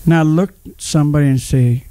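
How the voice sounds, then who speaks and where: A man's voice: fairly high pitch, fairly even intonation, fairly quick, warm tone, dry recording. A middle-aged man preaching a sermon as pastor, sharing his own testimony and calling on the congregation to respond. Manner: personal testimony, emphatic, calls on the congregation.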